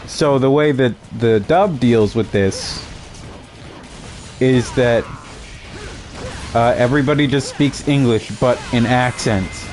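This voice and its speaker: A man's voice: medium pitch, slow, long pauses, darkish tone, faint music behind. A young adult man giving casual, rambling gaming commentary, full of fillers and amused asides.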